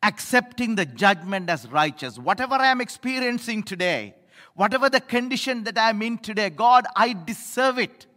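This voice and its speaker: A middle-aged male pastor preaching a sermon, emphatic, swinging between loud appeals and low asides, in a church. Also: expressive, brisk. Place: church sanctuary. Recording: echoey hall reverb.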